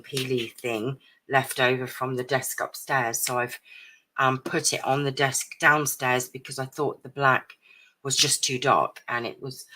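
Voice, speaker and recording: A woman chatting through a craft live stream at her home desk, a little croaky and out of breath, with lots of ums. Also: a bass voice, background noise. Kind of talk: casual craft chat.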